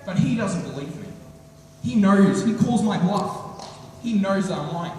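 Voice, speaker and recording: A man's voice: high voice, moderate pace, distant mic, slight background noise. Teen boy doing stand-up, echoey hall. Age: teens. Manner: animated storytelling, acting out lines. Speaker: student comedian. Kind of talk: stand-up routine. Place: school hall.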